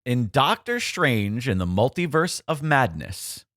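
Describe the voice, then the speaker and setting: Male podcast quizmaster, teasing and playful, animated delivery, dry mic. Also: mid-range voice, measured pace, dry recording. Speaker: quiz host. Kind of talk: casual podcast quiz.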